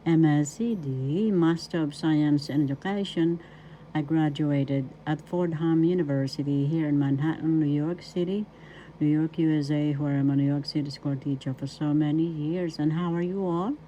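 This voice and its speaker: A woman's voice: low voice, steady tone, moderate pace, dark tone, slight background noise, poor audio. A middle-aged woman from the Philippines, giving a spoken language lesson and repeating each word syllable by syllable. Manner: repeats words and spells them out syllable by syllable. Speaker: language teacher.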